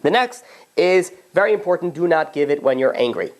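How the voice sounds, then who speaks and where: A man's voice: on the high side, fairly quick. A male rabbi teaching an informal class, telling stories with animation and acting out conversations as he goes. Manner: animated storyteller, acts out dialogue, frequent restarts. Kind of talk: informal Torah class with storytelling.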